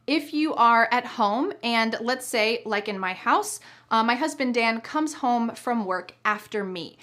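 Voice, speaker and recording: An American woman teaching an online English lesson, speaking clearly and cheerfully, laughing often and acting out tones of voice in her examples. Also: a little high, fairly bright tone.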